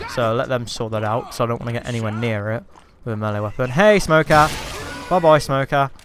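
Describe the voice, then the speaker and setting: A man's voice: mid-range voice, a bit bright, slight background noise. A man giving chatty, sarcastic gameplay commentary, taunting enemies as he goes. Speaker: let's play host.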